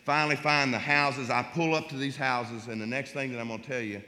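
A middle-aged man telling an emotional Christian testimony in a folksy way, repeating words and swinging from urgent to hushed. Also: mid-range voice, fairly even intonation, fairly quick. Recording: long hall reverb.

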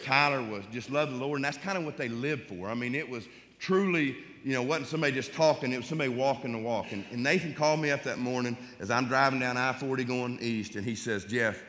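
A middle-aged man telling an emotional Christian testimony in a folksy way, repeating words and swinging from urgent to hushed. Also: mid-range voice, quick pace, few pauses. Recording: long hall reverb.

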